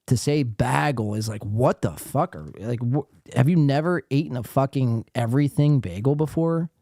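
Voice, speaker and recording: With a medium-pitched, warm voice, a man from the East Coast hosts a podcast in casual commentary on a livestream. He reacts sarcastically, reads chat out loud, and swears freely. The sound is studio quality without echo.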